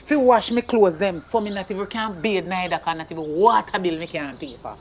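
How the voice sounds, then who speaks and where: A performer playing a stern, broke Jamaican mother who scolds her son in rapid patois. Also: medium pitch, slight background noise, close to an everyday voice. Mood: scolding. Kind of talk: comedy skit acting.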